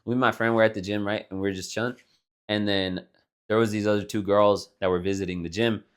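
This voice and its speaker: A young man from Texas co-hosts a casual podcast. He tells his stories in a loose, rambling way, full of fillers and swearing, in a somewhat low voice. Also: steady tone, fast talker, clear, resonant tone. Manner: laid-back storytelling, heavy filler words and swearing. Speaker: podcast co-host. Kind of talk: casual chat.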